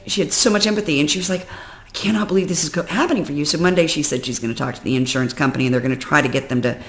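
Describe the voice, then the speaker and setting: Woman vlogging her rough month, gravelly, goes from tired and quiet to loud and fed up. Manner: emotional, venting, swings from low and weary to loud and exasperated. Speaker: personal development vlogger. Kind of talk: candid personal storytelling.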